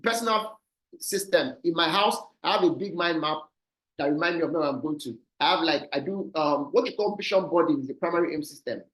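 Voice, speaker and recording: Nigerian male speaker, rapid business talk, slightly higher voice, video call. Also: a bit bright, poor audio. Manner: fast, repeats "right?" as a tag. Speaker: guest speaker. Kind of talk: online business presentation.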